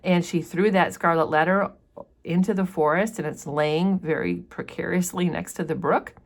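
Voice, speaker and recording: A woman's voice: on the low side, fairly even intonation, normal speed, gravelly. A woman teacher chatting through a novel chapter, explaining passages with casual fillers. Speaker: literature teacher. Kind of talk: casual book commentary with read passages.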